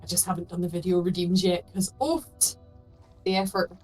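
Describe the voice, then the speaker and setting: A woman's voice: lowish voice, little pitch movement, brisk, darkish tone, soft background music, rough recording. A woman co-hosting a game stream, telling stories in a chatty way and swearing casually. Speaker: co-streamer guest. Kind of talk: casual chat while gaming.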